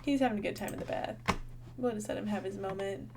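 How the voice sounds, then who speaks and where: A woman's voice: medium pitch, quick pace, noisy background. A young woman giving casual, bubbly gameplay commentary, thinking aloud and chatting to her viewers. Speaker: gaming channel host.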